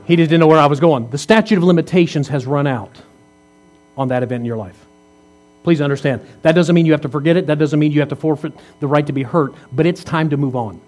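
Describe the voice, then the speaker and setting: This fifties-aged pastor speaks at a quick pace, his voice a little high with a darkish tone. His sermon is conversational, laced with rhetorical questions and good-natured teasing of the congregation.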